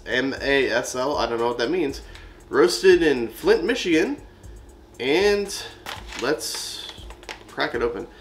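A man's voice: medium pitch, a bit bright. A man casually chatting to camera at his desk while reviewing a coffee, rambling and swearing offhand. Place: at a desk with a monitor, indoors. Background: faint background music.

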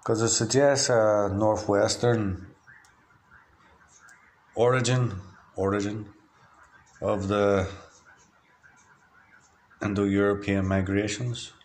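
A man from Ireland delivering a rambling, free-associating monologue in a flat, matter-of-fact way, drifting from one word to the next. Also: lowish voice, slow pace, long pauses. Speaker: diarist.

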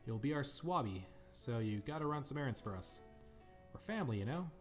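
Dude reading as a sly folksy bartender, smooth talker, normal pitch, faint music. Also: male voice, expressive, brisk, close to an everyday voice. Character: sly older male bartender and seer.

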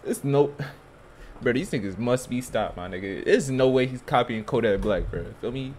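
A man's voice: medium pitch, animated, moderate pace, darkish tone, slight background noise. A young man hosting a YouTube reaction video, talking casually in heavy slang with blunt, scornful remarks. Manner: slangy, keeps tagging lines with "feel me".

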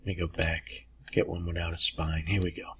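A man hosting a casual screen-recorded software tutorial, folksy and chatty with lots of "okay"s. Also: sits low, little pitch movement, moderate pace, slight background noise. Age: older. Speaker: tutorial host.

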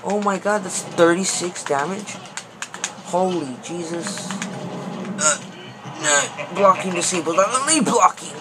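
A young man giving excitable, panicky commentary over a fighting game, pleading and yelling at it. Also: high voice, slow pace. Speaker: gaming video host. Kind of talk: gameplay commentary. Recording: noisy background.

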